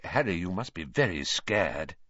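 A man voicing an anxious, kindly middle-aged father wizard who speaks low, hushed and tense. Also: sing-song, normal speed, no room sound, dull audio, full character voice.

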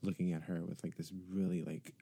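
A woman's voice: very deep voice, level tone, brisk, creaky, dark tone, husky. A woman co-hosting a podcast in casual chat, mostly chiming in with short agreements and dry asides. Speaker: podcast co-host.

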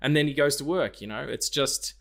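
Man, podcast co-host, casual chat, animated retelling, swears freely. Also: mid-range voice, brisk, creaky. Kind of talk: casual film discussion.

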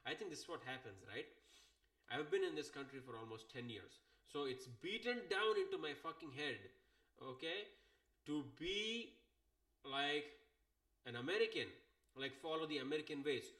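A man, hosting his own show and telling an annoyed, profane story in a casual way. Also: mid-range voice. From India. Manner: exasperated, profane, animated. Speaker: podcast host.

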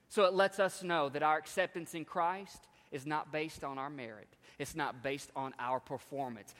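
A man's voice: on the high side, fairly bright tone. A man preaching a sermon as pastor, emphatic, with repetitions and call-outs to the congregation. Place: church sanctuary. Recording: long hall reverb.

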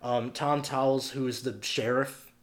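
A man co-hosting a casual film review podcast, talking in a rambling way with many fillers and quick laughs. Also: mid-range voice, steady tone. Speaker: podcast co-host.

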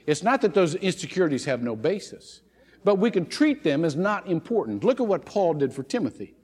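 A male pastor preaching a sermon, telling stories in an animated way with frequent restarts. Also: high voice. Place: church sanctuary. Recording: long hall reverb.

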